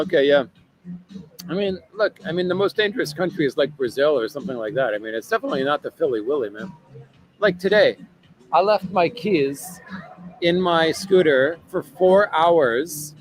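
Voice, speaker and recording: Broadcasting live from what sounds like a bar or restaurant, a man with a slightly high voice rambles through viewer comments, filling his talk with fillers and repeated "right?" tags. The recording is poor, carrying a little hiss or hum.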